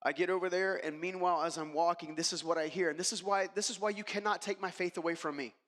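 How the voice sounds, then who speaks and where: A man's voice: high-pitched, fairly even intonation, fast, fairly bright tone. A man giving a motivational keynote, telling a personal story emphatically and speaking straight to the audience. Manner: emphatic, addresses the audience directly. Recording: long reverb of a large hall.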